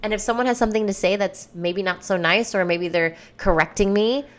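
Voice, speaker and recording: A woman's voice: medium pitch, a little fast. A woman hosting her own podcast, talking candidly and loosely in a rambling monologue, swearing freely. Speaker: podcast host and coach. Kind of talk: casual solo podcast monologue.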